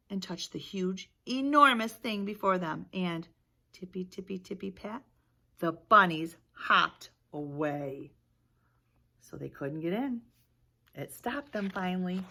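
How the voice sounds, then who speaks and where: Woman, preschool teacher, storybook read-aloud, bright tone, animated, gasps and questions. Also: mid-range voice. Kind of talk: reading a picture book aloud to children.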